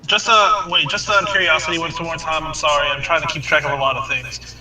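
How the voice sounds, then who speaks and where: A man's voice: on the high side, steady tone, quick pace, pushed and bright. A young man playing in a tabletop game over voice chat, carefully asking rule questions. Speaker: player. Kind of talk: casual chat. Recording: echoey, distant, noisy mic.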